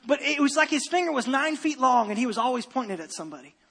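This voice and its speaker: A man preaching a sermon as pastor, animated and given to repeating his phrases and restarting sentences. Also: very high-pitched, fast talker, slightly rough, long reverb tail.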